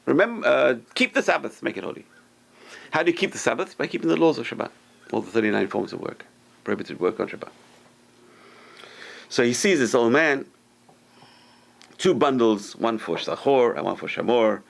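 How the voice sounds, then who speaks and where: A gravelly-voiced rabbi teaching a Torah class, telling old stories with animated energy. His voice shoots up high when he acts out what the characters say, and he often turns to ask the listeners questions. He sits at an ordinary mid pitch for a man. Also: moderate pace, pauses often. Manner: animated storyteller, acts out quotes with sudden high lifts; talks to the room, asks listeners questions.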